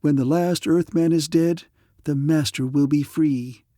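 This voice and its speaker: A man's voice: on the high side, steady tone, unhurried, mellow, no room sound, clean studio sound, natural voice. A man voicing a cold, taunting robot-headed hybrid in an audiobook, with a ringing, mocking tone. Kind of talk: audiobook character reading.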